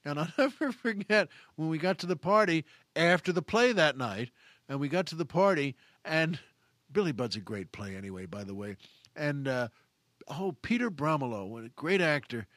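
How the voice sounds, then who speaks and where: A man's voice: on the high side, very animated, moderate pace, fairly bright tone, no room sound, studio quality. Chuckling man telling a rambling story. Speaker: podcast host. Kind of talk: casual storytelling monologue.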